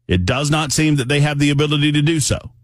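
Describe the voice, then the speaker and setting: A man's voice: a little high, quick pace, no echo, studio quality. A man hosting a political talk radio show, speaking in a conversational, emphatic monologue that often wanders off on tangents.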